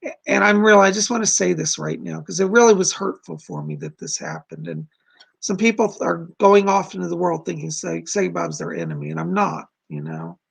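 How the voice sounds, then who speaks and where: A man hosting a psychic livestream in a casual, chatty way, earnest and quick to laugh. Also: high-pitched, very animated, creaky, husky.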